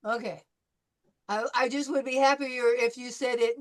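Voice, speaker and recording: A woman teaching French pronunciation to a class. She calls on students one by one, models each sound slowly and repeats it, and gives patient, encouraging feedback. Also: fairly high pitch, steady tone. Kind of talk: pronunciation drill in a live class.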